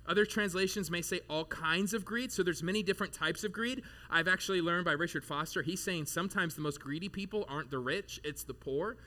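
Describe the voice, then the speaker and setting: A man in his thirties delivers a sermon in a church, his voice bright and edged, sitting a little above the usual male pitch. He talks to the congregation in a loose, animated way, tossing in casual asides as he goes. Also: a little fast, hardly any pauses. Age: 30s. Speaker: pastor.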